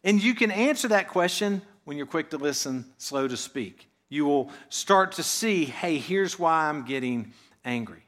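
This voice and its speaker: A pastor preaching a sermon in a church, talking conversationally, often letting his voice fall quiet at the ends of phrases and asking rhetorical questions. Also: fairly high pitch, animated, a little slow.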